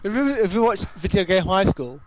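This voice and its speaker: A man's voice: sits high, brisk, muffled recording, a loud crowd. A man with a southern English accent, a podcast guest telling jokey, sweary stories in casual chat. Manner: sweary, jokey, animated storyteller.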